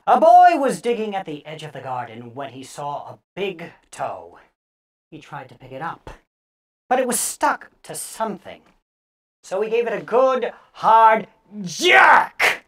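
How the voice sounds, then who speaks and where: A woman storyteller reading scary stories aloud theatrically, dropping to hushes and bursting out loud. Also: mid-range voice.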